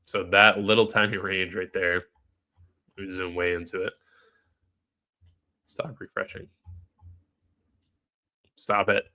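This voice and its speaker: A man's voice: low voice, level tone, takes it slowly, pauses often, sharp tone. A man with a nasal, stuffed-up voice, live-streaming trading commentary in a casual way, thinking aloud and answering chat questions.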